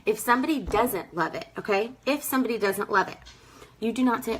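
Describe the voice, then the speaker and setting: A woman's voice: a little high, animated, brisk, a little hiss or hum, rough recording. A young woman gives a casual, emphatic sales training talk, calling her listeners "girl" and acting out her customers. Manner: acts out customers in quoted voices. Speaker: direct sales team leader.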